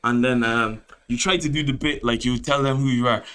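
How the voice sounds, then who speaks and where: A young man tells a story to his friends. His voice sits in an ordinary middle range. He talks in a loose, animated way, swearing freely and laughing between lines. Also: mid-range voice, fairly quick, smooth. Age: 20s. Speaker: podcast host. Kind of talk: casual storytelling chat.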